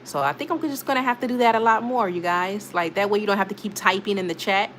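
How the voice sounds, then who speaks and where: Reading out viewer comments on her casual livestream, a woman chats and laughs along. She talks fast in a mid-range, fairly bright voice, and there's a little background noise.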